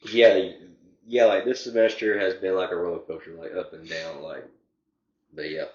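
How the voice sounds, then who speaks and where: A man's voice: low voice, little pitch movement, a little slow, a little mellow, reverberant, muffled recording. A young man, answering interview questions casually with many filler words. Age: young adult. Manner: rambling, heavy filler words. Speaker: interview guest.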